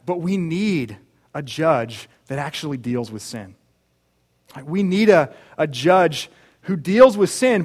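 A male pastor preaching a sermon in a church, earnest and direct, often checking in with rhetorical questions. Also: a little high.

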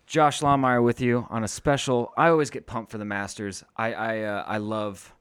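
A young adult man co-hosting a podcast, goofy and excitable, out of breath from running upstairs. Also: fairly low pitch, normal speed, clear, resonant tone, dry recording. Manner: excitable, goofy, swings loud and soft. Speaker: podcast co-host. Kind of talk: casual chat.

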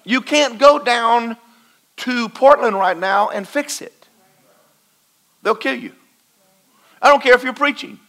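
A man preaching a folksy sermon to a congregation, swinging between loud and quiet. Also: extremely high pitch, takes it slowly, pauses often. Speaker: pastor. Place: church in front of a congregation.

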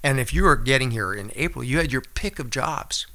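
A man's voice: mid-range voice, lively intonation, brisk, pushed and bright. An older actor telling stories from his career as a guest on a casual chat show, acting out the voices of people he quotes. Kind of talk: casual storytelling interview.

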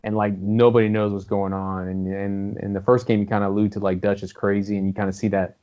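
This man's voice is lowish, flat, a little mellow, and quick as he rambles about video games, cursing freely and acting out what characters say. The audio is dull lo-fi.

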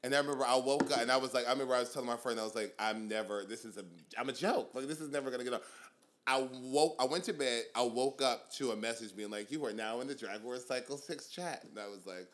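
A young man chatting on a podcast, his voice bright and forward. He tells his stories with animated energy, laughing often and swearing freely. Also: mid-range voice, fast. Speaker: drag queen guest. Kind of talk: casual podcast chat.

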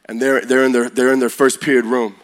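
A man preaching to young people, telling stories with rising energy and shifting to a slow, quiet prayer. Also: mid-range voice. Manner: energetic, builds to loud excited peaks; slow and quiet when praying. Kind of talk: sermon storytelling.

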